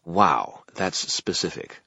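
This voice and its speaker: A man voicing a sharp-tongued young man with a dry, edgy, sarcastic manner. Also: sits low, fairly quick, slightly rough, no room sound, muffled recording, pitched above the performer's own voice, full character voice.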